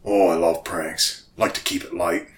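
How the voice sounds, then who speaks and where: A man putting on a gruff old redneck drawl. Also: deep voice, little pitch movement, normal speed, slight background noise, voice pushed down, natural voice.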